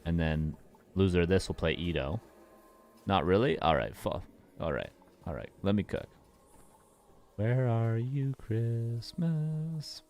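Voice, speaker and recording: Deep-voiced, playful male game caster. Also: expressive, moderate pace, gravelly, pauses often, a little mellow. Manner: joking, playful, chats with viewers. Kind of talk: live replay commentary.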